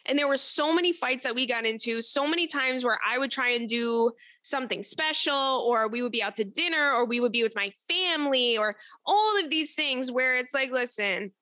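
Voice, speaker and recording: A young woman hosting an advice show, talking in a blunt, profane, animated way as she tells stories and reads listener letters. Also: sits high, brisk, few pauses, no room sound, clean studio sound. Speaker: advice podcast host. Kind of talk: casual advice chat.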